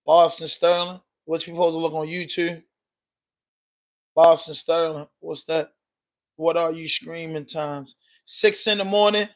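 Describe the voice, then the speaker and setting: Man, Baltimore accent, slangy livestream host, a bit high-voiced, reading chat aloud. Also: fairly even intonation, unhurried. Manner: loose and slangy, reading out and answering viewer comments. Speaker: podcast host.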